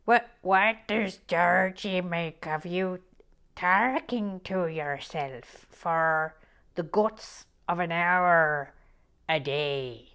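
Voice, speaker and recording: A woman puts on a chatty Northern Irish woman who teases with loud, drawn-out questions. The pitch sits low and the accent is broad and effortful. The voice lands a touch back from the microphone. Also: clear, resonant tone, exaggerated voice. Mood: teasing. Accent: attempted Northern Irish.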